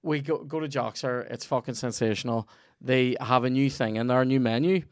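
A man's voice: mid-range voice, brisk, dry recording, clean studio sound. A Northern Irish man hosting a podcast, rambling through a profane, jokey sponsor read. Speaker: podcast host. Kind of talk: sweary comedic ad read.

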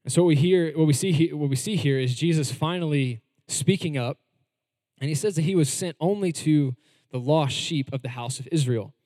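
A man's voice: a little high, mellow. Man preaching in a reverberant hall. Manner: conversational preaching with varied emphasis and slow stresses. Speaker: pastor. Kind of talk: sermon.

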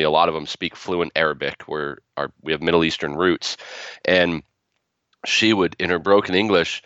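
A man's voice: sits low, fairly bright tone, clear, resonant tone, dry recording, lo-fi sound. A man being interviewed about his book, telling family stories in a chatty way with many restarts. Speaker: guest, author. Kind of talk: interview storytelling.

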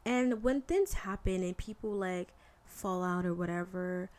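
A woman hosting a podcast and giving a casual faith talk monologue, candid and animated, with slangy asides. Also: on the low side, a little slow. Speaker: podcast host.

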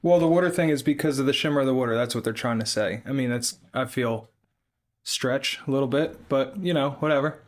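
A man co-hosts a relaxed craft podcast and jokes with his partner. He laughs often and says he is stressed this week. His voice sits at an ordinary middle pitch. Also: brisk. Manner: joking, laughs often, talks of being stressed. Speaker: podcast co-host. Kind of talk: casual chat.

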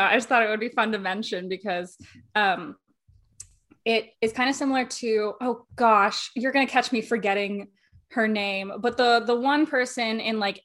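Slow, hesitant young woman. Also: medium pitch, fairly bright tone. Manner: slow, hesitant, searching for words. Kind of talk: casual podcast chat.

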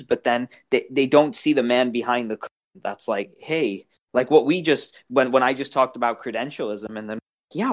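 A podcast panelist in a casual group discussion, talking animatedly with many stammered restarts. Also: medium pitch.

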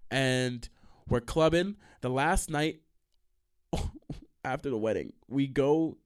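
A young man hosting a podcast, telling stories in a casual, rambling way, swearing freely and breaking into quick asides and restarts. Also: medium pitch. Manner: animated, profane, trails into quick asides and restarts. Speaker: podcast host.

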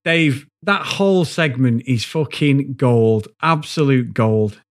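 A man's voice: medium pitch, slow. A man co-hosting a podcast, chatting casually about a comedy series, laughing and swearing often as he acts out scenes. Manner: laughing, swearing, acting out quotes. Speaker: podcast co-host. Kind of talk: casual chat.

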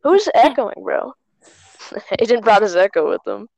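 A woman's voice: medium pitch, big pitch swings, unhurried, gravelly, darkish tone. A woman hosting a casual chat over a phone call, asking easygoing questions. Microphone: phone on a group call.

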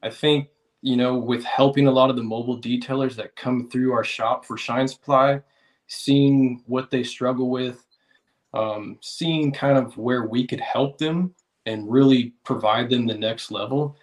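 A man with an American accent, a guest on a podcast, speaking in a laid-back, reflective way. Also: mid-range voice. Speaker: podcast guest, car detailer. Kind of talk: casual podcast interview.

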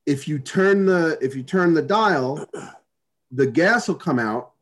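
A man's voice: fairly high pitch, expressive, measured pace, a bit bright. A man telling a long story in casual chat, rambling with many restarts, fillers and swear words.

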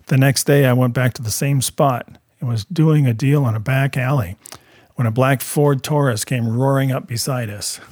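A man narrating his own life story as a first-person testimony, in a plain, steady storytelling manner. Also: medium pitch, moderate pace, no echo, studio quality.

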